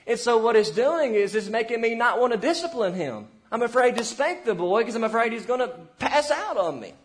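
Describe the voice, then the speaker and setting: A young pastor with a notably high voice delivers an earnest sermon to parents. He urges and exhorts, then drops to quiet, almost hushed asides before rising again.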